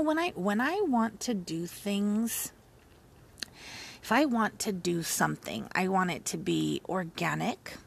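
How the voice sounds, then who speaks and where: A woman's voice: fairly low pitch, vocal fry, husky. A woman hosting a comic monologue, talking in a playful, rambling, teasing way. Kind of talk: comedic monologue.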